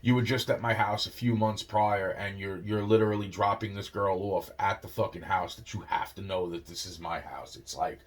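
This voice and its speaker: A man's voice: lowish voice, steady tone, moderate pace, few pauses. A young man telling a long rambling story, swearing constantly and looping on filler phrases. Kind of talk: rambling monologue.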